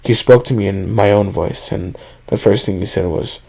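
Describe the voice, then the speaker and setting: A man reads a first-person horror story aloud at a steady pace. His voice sits low and has a gravelly, dark tone. He is the regular narrator of the channel. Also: moderate pace, rough recording.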